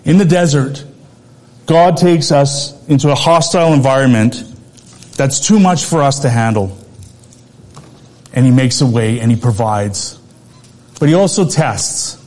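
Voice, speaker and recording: A man's voice: mid-range voice, unhurried, long pauses, darkish tone. A middle-aged man preaching a sermon, telling a personal story in a conversational way and laughing often.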